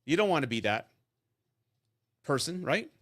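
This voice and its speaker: Here the host's voice sits a little high, swinging widely in pitch at a normal pace with a fairly bright tone. He dishes out divorce and dating advice on a live stream, blunt and profane, spinning stories and tossing in "right?" again and again.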